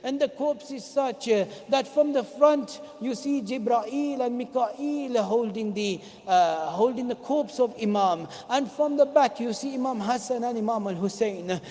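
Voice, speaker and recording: A man preaching a mourning sermon in a mosque, narrating with grief and rising into shouted laments. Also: very high voice, unhurried, hardly any pauses. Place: mosque hall. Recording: long hall reverb.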